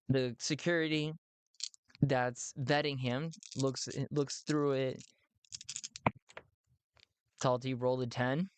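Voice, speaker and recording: A man's voice: mid-range voice, steady tone, slow pace, long pauses, smooth, dry recording. A man narrating a solo tabletop game in a playful, rambling way, with many fillers.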